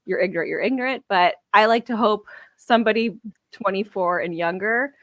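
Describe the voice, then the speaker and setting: A woman's voice: mid-range voice, brisk, fairly bright tone, no echo, clean studio sound. A woman co-hosting a podcast in casual chat, talking frankly with swearing and acting out what others said. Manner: frank, swears, quotes others in reenacted lines. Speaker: podcast co-host.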